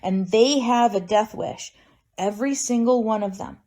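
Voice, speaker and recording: Woman vlogger, fairly high voice, bitter and emphatic, wry laughter; personal monologue. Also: normal speed, dark tone. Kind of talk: emotional personal vlog monologue.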